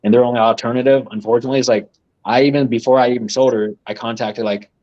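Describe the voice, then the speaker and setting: A man's voice: medium pitch, fairly even intonation, fast talker, darkish tone, highs cut off. A man, a guest on a live podcast, telling rambling, profane stories and laughing at them. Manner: rambling, swears freely, laughs at his own stories. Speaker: guest, reptile breeder. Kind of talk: casual storytelling on a live podcast.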